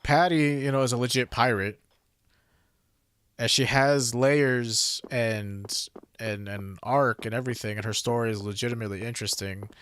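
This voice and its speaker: A man's voice: medium pitch, a bit bright. A man giving casual, rambling gameplay commentary, offhand and swearing freely, with game music behind him. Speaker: gamer streamer.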